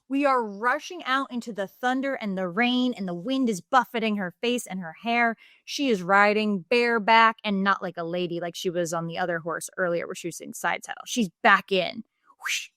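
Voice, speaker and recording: Animated, joking woman podcast host. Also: mid-range voice, moderate pace, no echo, clean studio sound. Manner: animated, profane, joking storyteller. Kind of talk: casual book recap chat.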